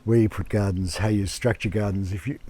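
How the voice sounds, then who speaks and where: A man who runs an eco lodge, talking casually in an interview, relaxed and unhurried with many fillers and restarts, speaking indoors at home. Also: fairly low pitch. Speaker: eco lodge owner and permaculture gardener.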